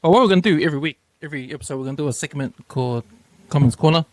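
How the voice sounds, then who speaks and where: A man's voice: on the high side, rapid-fire, no echo. A man co-hosting a sports podcast, telling stories in a laid-back way, tagging lines with "eh". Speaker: podcast co-host. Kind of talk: casual storytelling chat.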